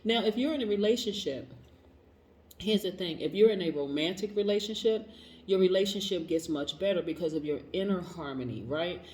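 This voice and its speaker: Energetic woman tarot reader, echoey room. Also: lowish voice, a little fast, a little hiss or hum. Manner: energetic, hype-style motivational chatter with affirmations. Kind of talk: upbeat tarot reading to camera.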